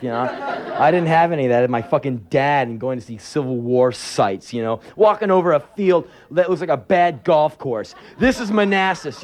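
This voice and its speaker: A man's voice: mid-range voice, darkish tone. A man in his twenties doing a live spoken word set, telling stories in a sardonic, profane way and breaking into sudden yelps when he acts out voices. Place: live venue before an audience.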